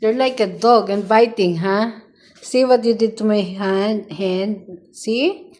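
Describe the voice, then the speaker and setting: A young woman with a Filipino accent talks to her pet in a high, bright-pitched voice. She scolds it slowly and unhurriedly, mock-stern and teasing, with repeated sing-song questions. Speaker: vlogger.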